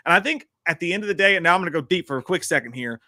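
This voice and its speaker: A man's voice: fairly high pitch, animated, rapid-fire, bright, forceful tone, dry recording, studio quality. A man co-hosting a casual movie discussion, swearing freely and laughing often. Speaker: podcast co-host.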